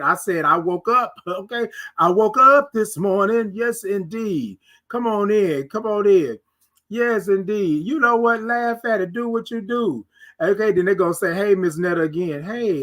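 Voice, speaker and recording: With a high-pitched, somewhat bright voice, a middle-aged man runs a casual morning livestream. He reads comments from viewers aloud and draws out his hellos with preacher-like repetition.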